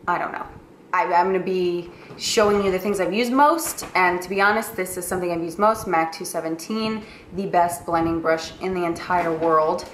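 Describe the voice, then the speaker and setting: A woman's voice: on the low side, fairly bright tone. A young woman with a New York accent, a makeup artist chatting through her monthly favorites in a gushing, filler-heavy way. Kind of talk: casual monthly favorites vlog. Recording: roomy echo with faint noise.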